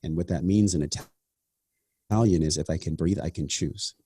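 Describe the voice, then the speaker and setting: Low-pitched and brisk, with a dark, slightly rough tone and no echo, a man hosts his podcast in casual conversation. He has half Sicilian family heritage and speaks reflectively and earnestly, frequently saying "man" and "like".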